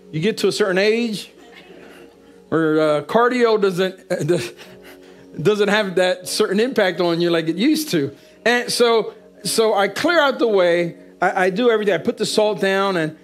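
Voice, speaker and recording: A middle-aged man preaching a sermon as pastor, repeating key phrases for emphasis and calling out to the congregation. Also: high voice. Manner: call-and-response preaching, repetitive emphatic phrasing.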